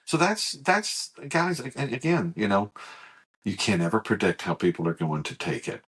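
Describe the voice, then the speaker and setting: Husky middle-aged man with lively pitch. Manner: halting, restarts often, animated storytelling. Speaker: podcast co-host. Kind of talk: casual chat, personal storytelling.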